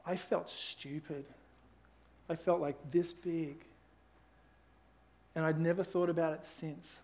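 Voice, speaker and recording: A man's voice: fairly high pitch, fairly even intonation, slow, darkish tone. A middle-aged man, preaching a sermon through personal stories, earnest and conversational with emphatic rises. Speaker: pastor.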